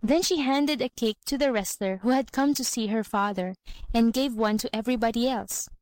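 A woman reading a folk tale aloud in an even, clear, unhurried way. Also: fairly high pitch, no echo. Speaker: reader. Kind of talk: storybook reading.

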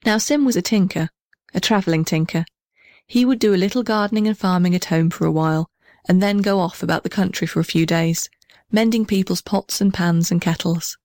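Woman storyteller, gentle children's-book reading, dry close sound. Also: on the low side, fairly quick, no room sound.

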